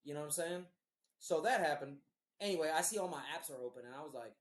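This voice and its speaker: A man spins a wild personal story in a loose, cursing, animated podcast style. He laughs as he goes, and his voice carries a roomy echo. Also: fairly high pitch, fast. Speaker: podcast host telling a story. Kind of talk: casual storytelling.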